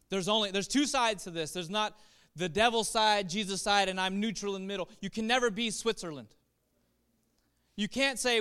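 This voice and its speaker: A man preaching a sermon in a high, bright and clear voice. He builds emphasis through repeated phrases and rhetorical questions, rising and falling as he drives each point home. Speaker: pastor.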